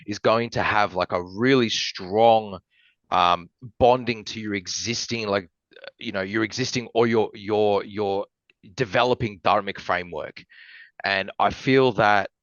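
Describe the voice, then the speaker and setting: A man's voice: fairly low pitch, fairly even intonation, unhurried, fairly bright tone, dry recording, lo-fi sound. A man from Australia, a podcast guest in casual chat, rambling with many fillers and swearing, and getting emotional as he talks.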